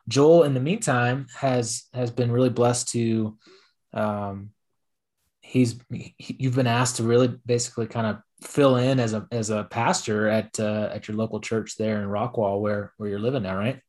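Man, podcast host, lowish voice, casual, rambling and hesitant. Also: fairly even intonation, unhurried, darkish tone. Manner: rambling, many fillers and restarts. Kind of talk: casual chat.

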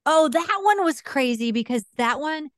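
A woman in her forties chats with a radio-trained rhythm, leaning hard on key words. Her voice sits a little high and comes through a close, dry mic. She laughs often between thoughts. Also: expressive, moderate pace, dry recording. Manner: radio-style emphatic delivery, laughs often. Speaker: podcast co-host and voice actor. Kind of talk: casual chat.

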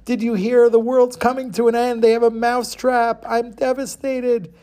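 A man voicing a frightened little male mouse in a told story, pleading with high alarm. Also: level tone, normal speed, warm tone. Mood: panicked.

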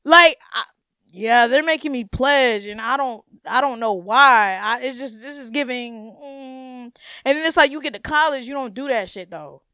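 A young woman hosting her own podcast, ranting in a blunt, profane, animated way and laughing often. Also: high-pitched, normal speed, smooth, no room sound, studio quality. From United States. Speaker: podcast host. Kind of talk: casual solo podcast rant.

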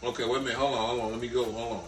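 A man's voice: mid-range voice, little pitch movement, rapid-fire, faint music behind. An older man co-hosting a podcast in casual chat, slangy and profane, often repeating himself. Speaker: podcast co-host. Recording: echoey room from far off.

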